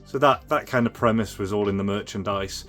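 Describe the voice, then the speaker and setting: A man's voice: on the low side, a little fast, a bit bright, soft background music. A man hosting his own channel, casually showing off and explaining retro toys, rambling with fillers and restarts. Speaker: retro toy restorer and channel host. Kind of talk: casual show-and-tell demo.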